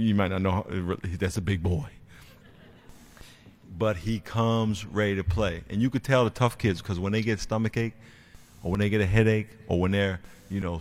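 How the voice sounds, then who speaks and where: A man preaching with a somewhat low voice, telling stories with lots of energy. He drops to a hush for serious points, then gets loud and excited. It sounds like a spoken sermon from the pulpit. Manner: animated storyteller, acts out kids' voices, swings from quiet to loud. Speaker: pastor and youth football coach. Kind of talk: sermon with storytelling.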